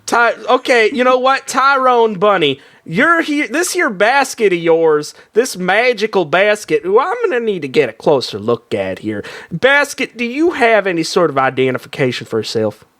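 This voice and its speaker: A man's voice: high-pitched, sing-song, moderate pace, hardly any pauses, a bit bright. A man voicing a bossy male border inspector, drawling his words in an improv scene. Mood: suspicious. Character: pompous male border inspector, officious and suspicious.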